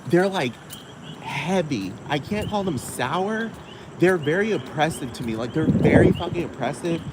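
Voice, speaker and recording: A man's voice: fairly high pitch, lively intonation, normal speed. A man hosting a one-man podcast outdoors, ranting casually with lots of profanity and constant "like" fillers. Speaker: podcast host. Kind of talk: casual rambling monologue. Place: outdoors near a road with passing traffic. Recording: loud outdoor traffic noise. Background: cars and street traffic.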